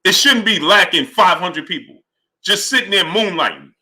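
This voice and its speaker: On a live boxing talk stream, a man with a high-sitting voice speaks at a normal speed. He argues heatedly and stays animated, calling out viewers in the chat by name.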